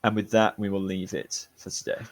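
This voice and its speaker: A man narrating scenes as dungeon master in a relaxed, descriptive way. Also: sits low, a little fast, no echo. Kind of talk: narrating a tabletop game.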